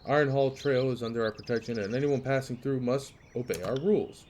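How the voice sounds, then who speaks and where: A man's voice: mid-range voice, brisk, a little mellow, slight background noise, natural voice. A man voicing a smug, falsely polite male toll guard, reading game dialogue aloud with sly courtesy.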